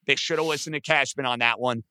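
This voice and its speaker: A man's voice: medium pitch, fairly even intonation, quick pace, sharp tone, no room sound. A man co-hosting a casual sports chat, telling stories steadily and setting up points for his co-host. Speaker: podcast co-host.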